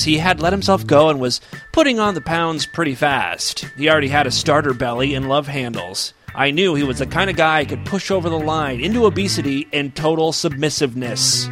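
Wry man reading a story for laughs. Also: medium pitch. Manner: wry asides, laughs between lines, tongue-in-cheek. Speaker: comic reader of an erotic story. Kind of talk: mock-dramatic comic story reading.

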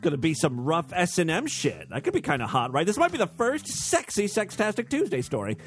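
A man's voice: fairly high pitch, huge pitch swings, fairly quick, faint music behind. Sarcastic man reading a story aloud. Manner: sarcastic, laughing at the text. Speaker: host reading stories. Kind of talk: comedic reading with asides.

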